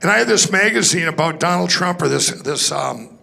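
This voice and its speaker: A man speaks from a conference stage, telling his personal testimony. His voice is gravelly and sits slightly high. He rambles excitedly and restarts his sentences often. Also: brisk.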